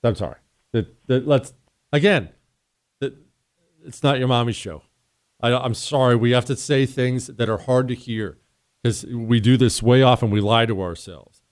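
A man's voice: mid-range voice, moderate pace, pauses often. A man hosting a talk radio show, blunt and sarcastic in his opinionated monologue.

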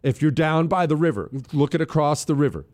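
A talk show host delivers a political monologue in a lively, swinging voice that rises and drops sharply. He rambles, restarts his sentences and calls out to his crew on air. His voice sits a little above the usual for a man. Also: a little high, a little fast. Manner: animated, rambling, self-interrupting.

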